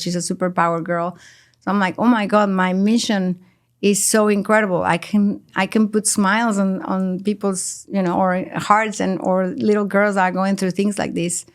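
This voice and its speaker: Emotional, storytelling woman guest. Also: lowish voice. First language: Spanish. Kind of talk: casual heartfelt conversation.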